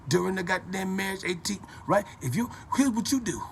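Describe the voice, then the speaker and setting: Man, profane rant, preachy, repetitive, gravelly voice, lively pitch. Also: normal speed, hardly any pauses, a little hiss or hum. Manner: loud, preachy, profane, repeats himself. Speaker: vlogger. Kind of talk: profane rambling rant to camera.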